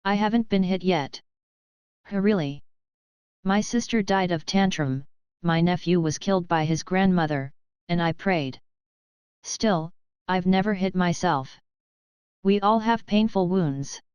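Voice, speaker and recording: A woman with a low, very smooth voice reads the scripted dialogue of a pet story, keeping her delivery stilted and even. The sound is close and dry, with no room around it. The audio is slightly dull and lo-fi. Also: measured pace, pauses often, no echo. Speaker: storyteller voicing pet characters.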